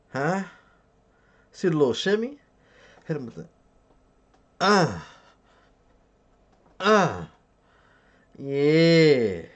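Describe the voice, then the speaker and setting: A man's voice: on the high side, a bit bright, breathy edge, lo-fi sound. A man on a live stream, reading his chat aloud and bragging in a crude, joking way.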